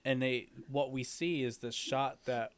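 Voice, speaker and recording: Man co-host, animated anecdote teller, swears, mid pitch. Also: unhurried, smooth. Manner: animated storyteller, swears, acts out quotes. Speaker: podcast co-host. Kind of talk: casual movie commentary chat.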